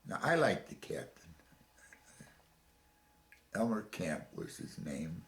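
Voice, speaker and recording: An older man from Chicago telling his story in an oral history interview, pausing and repeating words as he goes. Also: deep voice, big pitch swings, roomy sound. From Chicago, USA. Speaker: veteran interviewee. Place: home room.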